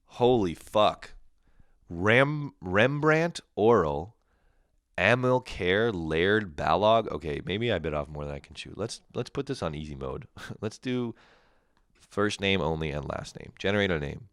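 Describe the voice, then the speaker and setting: A young man hosting a crude solo comedy podcast, swearing freely, laughing at his own jokes and jumping into loud mock quotes. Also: low voice, animated, unhurried, clear, resonant tone, no echo, clean studio sound. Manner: profane, laughing, shifts into shouted mock quotes.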